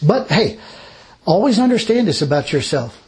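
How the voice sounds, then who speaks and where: A man's voice: high-pitched, very animated, normal speed, a little mellow. A man preaching a sermon, telling stories in a folksy, chuckling way. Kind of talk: sermon with personal storytelling.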